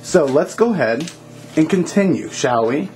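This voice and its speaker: Man doing a raised-pitch mystic fortune teller lady, calm and theatrical, slow dramatic delivery. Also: slight background noise. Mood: mysterious.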